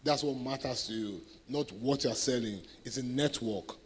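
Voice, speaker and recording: A man's voice: medium pitch, moderate pace, slight background noise. A middle-aged man with a Nigerian English accent, giving a motivational talk as guest speaker at a sales event, telling stories and keeping the audience engaged by asking if they follow him. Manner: animated storyteller who keeps asking the audience if they follow.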